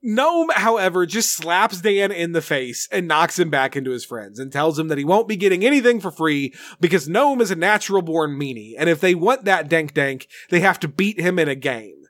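Man, high voice, very lively pitch, sarcastic recap, dry close recording. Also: normal speed, few pauses, no room sound. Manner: sarcastic, profane, laughs often. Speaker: podcast co-host. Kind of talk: casual episode recap.

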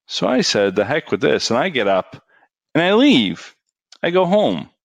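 A middle-aged man telling a personal story in a casual, animated way, his voice rising for the punchlines. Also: medium pitch, unhurried, gravelly, no echo.

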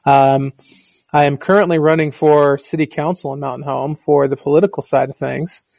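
A man's voice: a little high, steady tone, moderate pace, creaky, darkish tone, no echo. A man, a teacher and guest, talking in an earnest, reflective way in a casual conversation.

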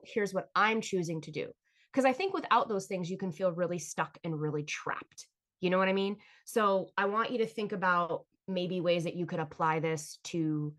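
A woman's voice: lowish voice, a bit bright. A woman hosting her own podcast, telling personal stories in a candid, blunt and profane way and speaking straight to her listeners. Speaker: podcast host. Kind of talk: candid solo storytelling.

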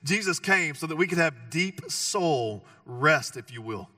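Bright-voiced pastor preaching a casual sermon. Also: male voice, fairly high pitch, lively intonation, unhurried, no room sound, studio quality, recorded from a distance. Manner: conversational and joking, with emphatic repeated phrases.

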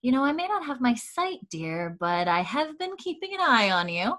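Woman recapping a show, doing a blind old aunt, sly, gracious, soft-spoken, old-fashioned phrasing. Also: high-pitched, very animated, moderate pace, voice pushed up.

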